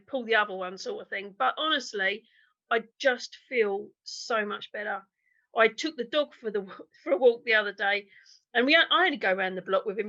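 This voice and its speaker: Gravelly, bright-voiced chatty woman in her fifties. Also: on the high side. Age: 50s. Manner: chatty, candid, self-deprecating, lots of fillers. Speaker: interview guest, diet consultant. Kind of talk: casual conversational interview over video call. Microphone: video call. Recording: dull lo-fi video call audio.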